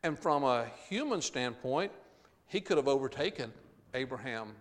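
A man's voice: mid-range voice, lively intonation, moderate pace. Man preaching in a reverberant hall. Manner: reads scripture aloud, then explains it plainly with some ums and uhs. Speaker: pastor. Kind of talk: sermon with scripture reading.

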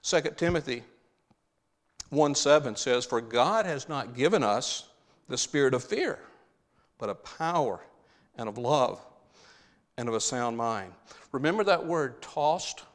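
A man's voice: mid-range voice, expressive, measured pace, pauses often, long reverb tail. A man preaching a sermon, stressing key phrases by repeating them.

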